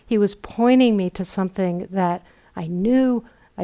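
A middle-aged woman giving a dharma talk as a meditation teacher. She tells stories gently and softly, dropping at times into a near whisper. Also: medium pitch. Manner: slow, gentle storytelling with soft whispered asides. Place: retreat center meditation hall.

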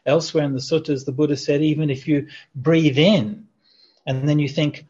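Husky-voiced monk teaching over a call. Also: male voice, on the high side, normal speed. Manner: relaxed, chatty, with fillers and light humor. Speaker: Buddhist monk teaching a sutta class. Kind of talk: online teaching Q&A. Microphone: video call. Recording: dull lo-fi video call audio.

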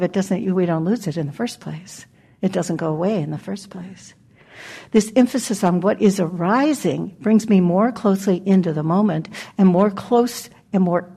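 Gravelly, husky older woman teaching meditation. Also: mid-range voice. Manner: gentle, reflective, with soft laughs and pauses. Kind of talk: dharma talk. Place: meditation hall.

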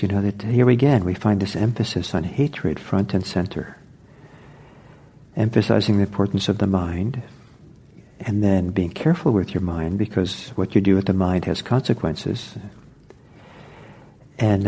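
A man gives a meditation teacher's dharma talk in a low, mellow voice with a husky edge. He speaks very slowly and reflectively, pausing often and circling back to restart his thoughts. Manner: unhurried, reflective, with frequent pauses and restarts. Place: meditation center.

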